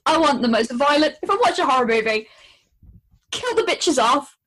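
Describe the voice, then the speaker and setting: A woman's voice: sits high, expressive, moderate pace, a bit bright, rough recording. A young woman co-hosting a casual podcast, giggly and blunt, reading quiz questions and swearing freely. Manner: reads quiz questions aloud. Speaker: podcast co-host. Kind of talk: casual chat.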